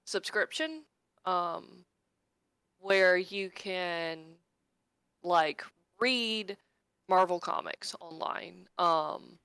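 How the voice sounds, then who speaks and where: A woman talks as a podcast co-host in casual chat. She is excitable and swears freely, with a somewhat low voice. The sound is dry and close. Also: extremely slow, pauses often, clear, resonant tone, no room sound.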